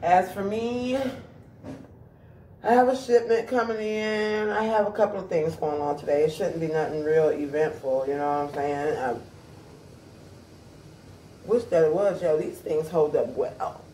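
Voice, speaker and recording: A woman speaks low, mellow, and a little slowly, with long pauses, chatting casually to viewers in her home-and-backyard vlog. There's a bit of hiss or hum, and the camera mic gives a roomy echo from far off.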